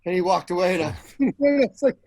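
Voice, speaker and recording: Laughing a lot, the interviewed actor tells lively, easygoing stories at a brisk clip, voicing the dialogue as he recounts it. His voice sits high.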